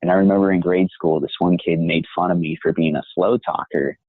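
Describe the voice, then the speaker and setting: A man's voice: deep voice, steady tone, husky, dry recording. Reflective young man on a tinny line. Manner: reflective, measured and encouraging. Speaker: voice actor guest. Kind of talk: interview conversation.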